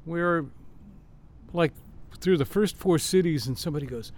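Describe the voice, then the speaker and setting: A man's voice: fairly high pitch, moderate pace. Older man telling rambling stories. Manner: rambling, animated storyteller with many fillers. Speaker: guest musician. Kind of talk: storytelling interview answers. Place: backyard, outdoors.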